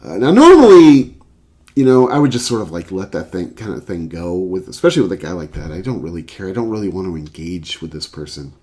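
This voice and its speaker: A low-pitched man talks casually, his pitch swinging widely as he tells a story. He rambles with lots of fillers, in a loose, chatty vlog style about records. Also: brisk. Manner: rambling, filler-heavy, animated anecdote. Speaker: record collector and vlogger. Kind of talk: casual storytelling and album review.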